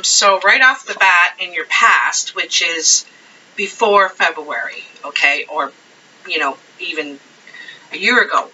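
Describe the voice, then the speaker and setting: Slow, rambling tarot reader woman. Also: medium pitch, sharp tone, far from the mic, lo-fi sound, slight background noise. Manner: slow, rambling, chatty, with frequent fillers. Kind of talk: casual tarot reading to camera.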